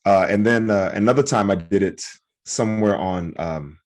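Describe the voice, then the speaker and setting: Lively comedian man telling stories. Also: on the low side, moderate pace. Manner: animated, acts out voices in anecdotes. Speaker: podcast co-host, comedian. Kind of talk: casual storytelling chat.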